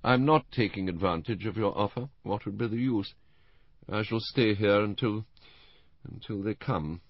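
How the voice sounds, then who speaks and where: A man reading an audiobook, voicing a calm, defiant, unemotional older blind woman who runs a spy ring. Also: fairly low pitch, moderate pace, dry recording, muffled recording, voice pushed up. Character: cold, composed blind older woman spymaster. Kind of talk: audiobook character voice.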